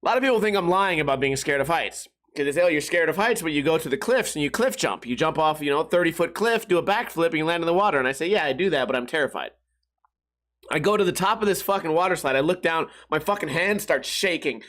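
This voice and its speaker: Fast and animated, a young man's voice sits a little high with a fairly bright tone. He hosts a podcast, telling casual stories in a monologue while swearing a lot and laughing at his own jokes.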